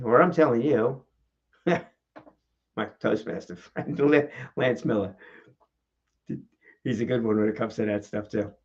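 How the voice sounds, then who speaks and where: A man hosting his own talking-head vlog about public speaking, talking casually to the camera and asking lots of rhetorical questions. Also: highs cut off. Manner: animated, rhetorical questions, shifts pitch for emphasis. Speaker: vlog host and speaking coach. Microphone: camera mic.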